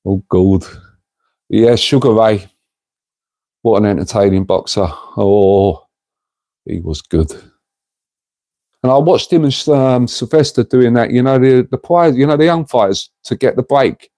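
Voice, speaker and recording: A man's voice: mid-range voice, measured pace, pauses often, mellow, no room sound. A middle-aged man hosting a casual livestream, rambling and chatty as he reads out viewers' comments and calls them mate. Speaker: livestream host reading chat.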